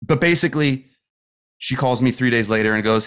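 A metal musician guesting on a podcast tells a personal story, his medium-pitched voice brisk, fairly bright and clean. The talk is casual and candid, full of swearing, and he rambles with restarts and fillers like "dude" and "like."

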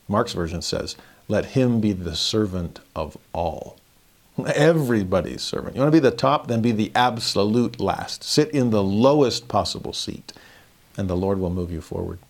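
Guy teaching bible verse by verse, deeper voice, chatty with little laughs. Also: animated, moderate pace, vocal fry. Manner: conversational, chuckles often, rises in pitch for emphasis. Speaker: scripture teacher. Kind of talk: verse-by-verse scripture lesson.

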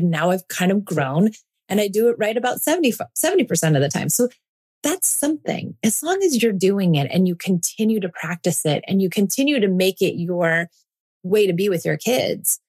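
A woman's voice: mid-range voice, sing-song, a little fast, a little mellow, husky. A woman in her forties hosting a parenting podcast, talking listeners through her ideas in an earnest, reassuring monologue.

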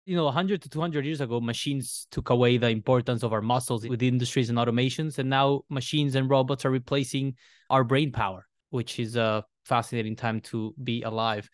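A man's voice: medium pitch, fairly even intonation, fairly quick, no room sound, studio quality. A man hosting a podcast interview, musing reflectively before posing questions to his guest. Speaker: podcast host.

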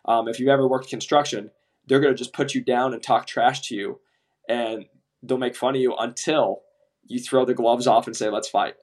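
A young man in casual podcast chat with a medium-pitched voice, recounting work stories with energy. He slips into quoted voices and swears freely along the way. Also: level tone, moderate pace, darkish tone. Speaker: medical device sales rep, podcast co-host.

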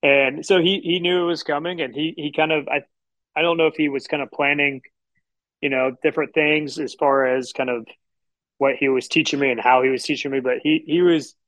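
A man's voice: a little high, fairly even intonation, brisk, a bit bright, dry recording, low-quality recording. Man from Houston, dry close sound. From Houston, Texas. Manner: rambling storyteller who acts out quotes. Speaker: chef and restaurant owner, guest. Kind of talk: casual podcast interview.

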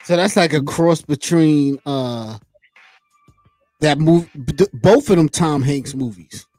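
A man co-hosting a comedy podcast, dropping wisecracks and deadpan asides. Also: on the high side, slow pace, no echo, soft background music. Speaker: podcast co-host. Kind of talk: casual comedic podcast chat.

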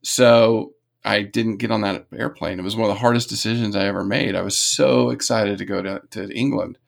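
This American man has a low, gravelly voice with a lot of fry. He tells his story as a guest in an easy, lively way and often breaks into laughter. He sounds relaxed and conversational throughout. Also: normal speed. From California. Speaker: podcast guest. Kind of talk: casual storytelling.

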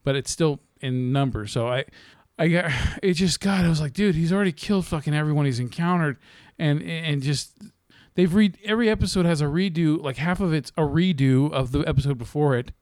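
A man's voice: a little high, moderate pace, darkish tone, no room sound. Rambling podcast guy, close and dry. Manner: rambling, swearing, laughing often. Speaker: podcast co-host. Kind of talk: casual chat.

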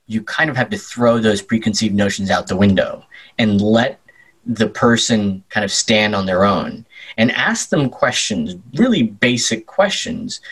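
Husky low-voiced man telling stories. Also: fairly bright tone, low-quality recording. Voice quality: loose talk full of "like" and "kind of". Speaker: interview guest, journalist. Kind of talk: casual conversational storytelling.

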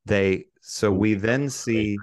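A man's voice: fairly low pitch, slow pace, no echo, clean studio sound. A man co-hosting a film podcast, talking casually and thinking aloud. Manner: easygoing, thinks aloud with hedges. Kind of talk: casual film review chat.

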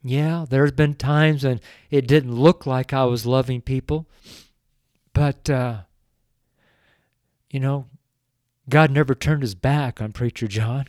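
Slow, tearful older preacher man. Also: medium pitch, steady tone, darkish tone, no echo, studio quality. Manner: slow, earnest, pleading, with drawn-out emphasis. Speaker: street preacher. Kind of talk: emotional radio sermon.

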